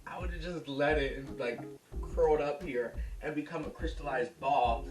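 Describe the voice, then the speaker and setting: Loud, profane home cooking host. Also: mid-range voice, normal speed. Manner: loud projected voice, profane, chatty. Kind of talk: casual cooking show chat. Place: home kitchen. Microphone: camera's built-in mic. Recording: echoey room, distant camera mic, music.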